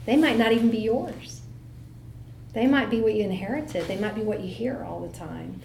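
Animated woman speaker in an echoey room. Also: a little high, normal speed, a little hiss or hum. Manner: animated storyteller, acts out voices in quotes. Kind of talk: motivational talk to a live audience.

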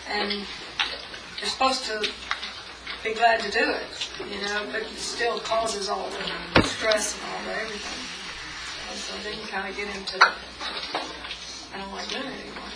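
A woman in a workshop talks thoughtfully and casually, her words sometimes trailing off softly. She sounds distant in an echoey room, with loud noise underneath. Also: medium pitch, flat delivery, normal speed. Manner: thoughtful, trailing off, soft at times. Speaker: workshop participant. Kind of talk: casual group discussion.

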